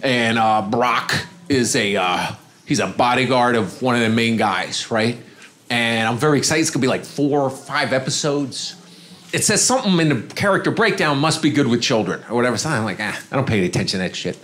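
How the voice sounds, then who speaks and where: Male comic on a club stage, talky and loose, drops his voice low for other people's lines. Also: lively intonation, brisk, fairly bright tone. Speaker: stand-up comedian. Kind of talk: stand-up storytelling. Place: comedy club stage with audience.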